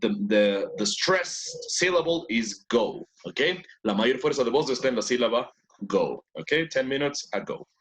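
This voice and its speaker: A man's voice: medium pitch, animated, moderate pace, a bit bright. A man teaching an English class who praises students often, repeats their answers and switches between English and Spanish.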